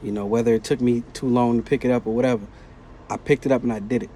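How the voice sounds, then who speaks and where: Mellow-voiced man telling a story casually. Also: medium pitch, fast talker, slight background noise. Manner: animated, slangy retelling of a work conflict. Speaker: vlogger.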